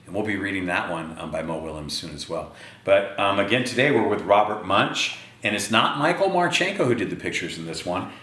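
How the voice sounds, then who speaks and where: A man reading a picture book aloud to children, speaking to them directly in an animated way. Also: low-pitched, brisk. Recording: echoey room.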